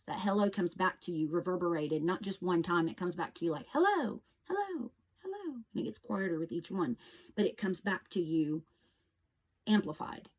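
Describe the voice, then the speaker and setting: A woman hosting her own show, earnestly teaching about energy in a casual monologue with restarts, sometimes calling out loud echoing hellos. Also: on the low side. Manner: earnest, repetitive, with restarts and loud echo demonstrations. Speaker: host.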